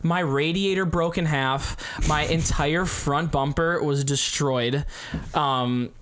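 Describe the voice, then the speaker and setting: A man's voice: a little high, slow, fairly bright tone. A young man co-hosting a podcast, telling a story in casual chat full of slang. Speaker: podcast co-host.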